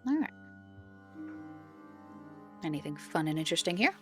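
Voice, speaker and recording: A woman's voice: low voice, big pitch swings, moderate pace, a bit bright, soft background music. A woman giving wry, casual commentary while playing a game. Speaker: gamer, let's player.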